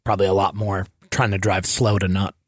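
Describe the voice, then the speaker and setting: A man playing a tabletop game, reasoning hesitantly with restarts and a somewhat husky voice. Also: sits low, level tone, brisk, dry recording, clean studio sound. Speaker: player.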